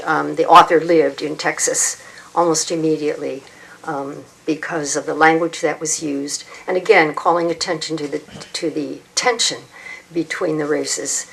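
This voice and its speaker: A woman speaking to an audience at a reading event, halting with many pauses and fillers. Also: low-pitched, creaky, rough recording.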